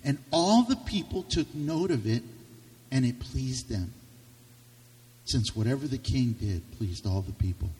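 A man preaching a sermon with passion, his voice swinging from loud to hushed. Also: medium pitch, animated, unhurried. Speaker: pastor. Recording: reverberant hall, distant mic.

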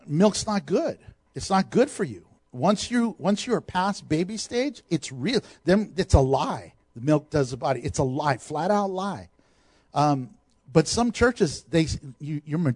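A middle-aged man preaches with lively energy, often laughing at his own asides. His voice sits a little high for a man. The sound is dry and close, with almost no room echo. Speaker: pastor. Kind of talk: sermon.

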